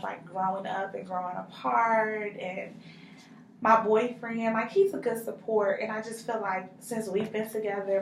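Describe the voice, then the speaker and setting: A young woman speaking as a client in a counseling role-play, frustrated and halting, with many fillers. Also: mid-range voice. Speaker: counseling client in a practice session. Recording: roomy, mic from far off, faint noise.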